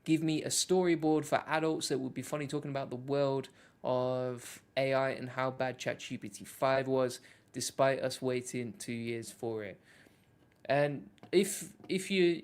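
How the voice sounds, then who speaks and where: A man's voice: medium pitch, steady tone, normal speed, clean tone. A man hosting a casual live walkthrough of an app, talking loosely with lots of fillers and restarts. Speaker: host.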